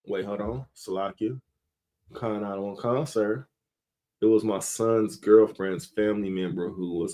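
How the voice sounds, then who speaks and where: A man's voice: fairly low pitch, a little mellow. A middle-aged man hosting a live stream, talking casually in a rambling way, often chuckling and calling out viewers' names from the chat.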